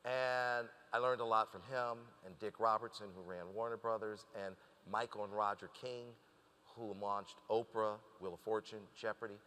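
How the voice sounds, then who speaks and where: A man's voice: lowish voice, normal speed, big-room sound. A man telling a story as a guest in a conversational interview, acting out the lines of the people he quotes. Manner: animated storyteller who acts out quoted dialogue.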